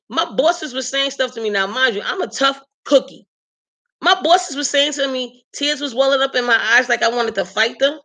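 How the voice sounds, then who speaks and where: A woman in her late forties hosting a live stream, chatting casually to her viewers with animated emphasis and frequent laughs. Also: high-pitched, moderate pace. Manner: animated, emphatic, talks straight to the audience; laughs often while telling stories.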